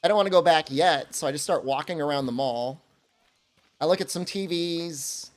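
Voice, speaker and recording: A man streaming a game, telling a funny story in a casual, animated way and laughing often. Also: fairly high pitch, moderate pace.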